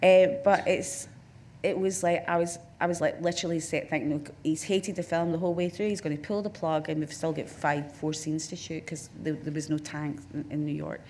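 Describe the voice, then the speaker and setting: Speaking briskly in a deep, steady, slightly mellow voice, this Scottish woman from Glasgow is a film director being interviewed on a festival talk stage in front of an audience. Her anecdotal career talk wanders, with frequent restarts and plenty of "you know." A little hiss or hum is audible.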